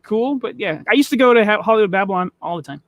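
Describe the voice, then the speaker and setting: High-voiced teasing man, dry close mic. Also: animated, fast talker, no echo. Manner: teasing, laughs often. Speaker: podcast co-host. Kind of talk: casual banter.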